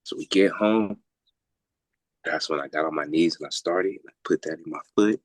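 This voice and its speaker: A man's voice: low voice, normal speed, dry recording. A man telling a long personal story in casual talk, swearing freely and acting out the voices of the people in it. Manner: animated, swears freely, acts out quoted voices.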